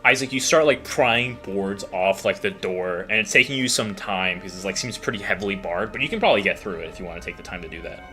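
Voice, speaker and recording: A man narrates a tabletop game in a loose, casual way as game master. He rambles and leans heavily on filler words. His voice has a bright edge. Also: low voice, fast talker, hardly any pauses, faint music behind. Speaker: dungeon master.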